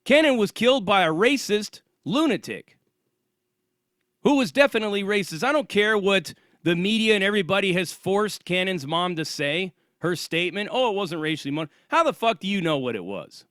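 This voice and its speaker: A channel host delivers an angry, profane, sarcastic ranting monologue on his own channel. His voice sits high and sounds animated and fairly bright at a moderate pace, with clean studio sound and no room sound.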